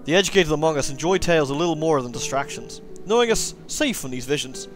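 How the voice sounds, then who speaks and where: A man voicing a solemn old lord guiding a visitor, in a put-on Irish accent and a slow, stately delivery. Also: on the high side, expressive, soft background music, close to an everyday voice. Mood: ominous.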